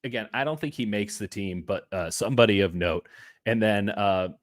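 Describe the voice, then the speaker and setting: Guy cohosting a sports podcast, chatty and animated, dry sound, talking on a video call. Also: fairly low pitch, moderate pace, no echo. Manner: animated, fillers and restarts, playful asides. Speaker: co-host. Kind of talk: casual sports podcast chat.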